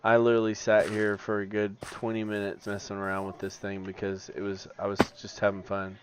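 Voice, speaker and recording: A sleepy, yawning man streaming a game, mostly mumbling quietly to himself as he plays, with sudden loud laughing bursts. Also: lowish voice, monotone, a little fast. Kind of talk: casual gameplay commentary. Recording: dull lo-fi stream audio, faint noise.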